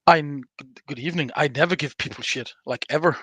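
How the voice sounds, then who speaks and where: An older man chats as a guest on a live stream, teasing in a dry way. His voice sits a little high and sounds bright. The recording is close and dry. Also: fairly quick, husky, no echo. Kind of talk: casual live stream chat.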